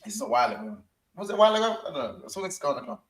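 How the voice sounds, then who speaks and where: A man co-hosting a casual chat, telling animated stories, acting out voices and laughing often. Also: sits high, rapid-fire, roomy sound, rough recording. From London. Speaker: co-host.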